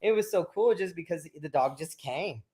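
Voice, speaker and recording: A man's voice: a little high, moderate pace. A man with a Texan accent, a podcast guest chatting casually, easygoing and swearing freely. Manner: relaxed, swears casually, agrees a lot. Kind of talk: casual chat.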